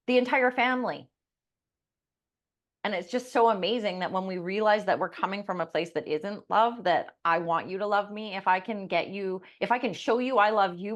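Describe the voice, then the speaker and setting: A woman podcast co-host and life coach, telling a client story in casual chat and acting out what each person said. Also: medium pitch. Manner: animated storytelling, acting out quoted people.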